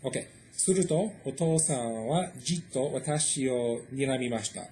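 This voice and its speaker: Man, mid-pitched, easygoing story reader, loose and chatty between passages, light background hiss. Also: a little fast, a little mellow. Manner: casual, explanatory, many fillers. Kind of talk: reading a story aloud with translation.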